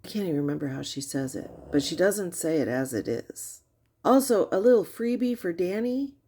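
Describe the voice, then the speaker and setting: A woman's voice: on the low side, lively intonation, moderate pace, warm tone, a little hiss or hum. A woman giving casual explanatory commentary, wry and teasing, often asking rhetorical questions.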